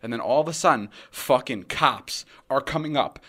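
A man's voice: mid-range voice, normal speed. A young man, a podcast host, telling a wild story in casual chat, swearing and acting out the quotes. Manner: animated, swearing often, acts out quotes.

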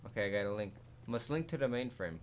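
A man giving live commentary over a zombie game, excitable and jumpy, swearing often and laughing at his own jokes. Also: mid-range voice, quick pace, a little hiss or hum. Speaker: gaming commentator.

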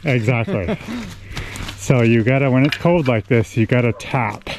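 A man hosting his show while logging in the winter woods, explaining in a plain, folksy, unhurried way. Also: medium pitch, expressive. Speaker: host, horse logger. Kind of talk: casual explaining while working. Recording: loud outdoor work noise, wedge tapping. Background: hammering and chopping.

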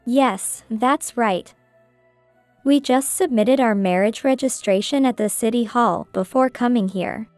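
A nasal young woman in her mid-twenties, pregnant and pushy, as a woman narrator puts her on for an audio story. She asks for things in a self-centered, demanding way, her voice sitting a little high. The recording is dry and close. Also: a little slow, darkish tone, no echo, faint music behind, lightly acted.

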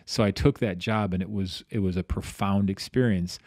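Animated middle-aged man telling stories. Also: deep voice, moderate pace, no room sound, studio quality. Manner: animated, acts out quoted voices, frequent restarts. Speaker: physical therapist guest. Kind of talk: casual podcast storytelling.

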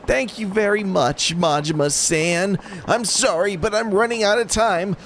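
A pathetic, panicky young man in a fan-dubbed game, as a man puts him on. His voice is high-pitched, whiny and pleading. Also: a little slow, a bit bright, slight background noise. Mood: grateful awe.

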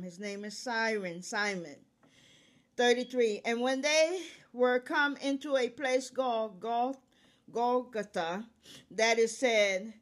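This is a Bible reading with commentary: a woman goes through scripture one verse at a time, naming verse numbers and rephrasing each in plain words. Her voice is fairly high, and she stops now and then to cough.

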